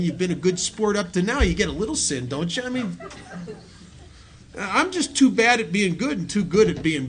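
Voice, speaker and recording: A man's voice: high-pitched, a bit bright. A middle-aged man, a speaker at a recovery meeting, tells his story to an audience with self-mocking jokes. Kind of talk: personal recovery talk to an audience. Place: meeting hall with a live audience.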